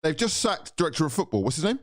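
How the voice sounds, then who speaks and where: A young man, ranting in exasperation and swearing as a football fan reacting to a loss, swinging between shouting and muttering. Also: a little high, very animated, fast talker. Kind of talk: angry fan reaction rant.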